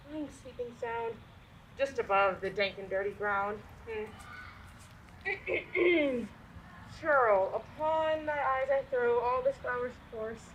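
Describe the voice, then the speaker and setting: A woman playing a mischievous fairy sprite in a live student stage play, speaking verse slowly and theatrically. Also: high voice, fairly bright tone, a little hiss or hum, full character voice, low-quality recording. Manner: slow, theatrical verse with sudden exclamations. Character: mischievous sprite Puck, impish and playful.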